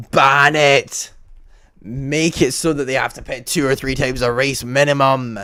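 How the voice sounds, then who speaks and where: A man's voice: mid-range voice, fairly even intonation, normal speed, a bit bright, dry recording. Exasperated man ranting about a race. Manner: exasperated, rambling, self-interrupting. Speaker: livestream host. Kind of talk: casual live race commentary.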